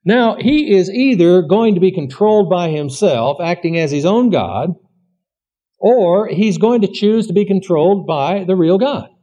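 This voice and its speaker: A man's voice: high-pitched, lively intonation, unhurried, warm tone. A man giving an earnest, plainspoken sermon-style teaching, asking rhetorical questions as he goes. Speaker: preacher. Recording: dull lo-fi recording.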